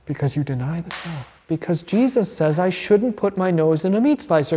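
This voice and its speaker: A man, a pastor, teaching a catechism class in a lively, chatty way and asking the group questions. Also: sits high, normal speed, hardly any pauses, husky, big-room sound.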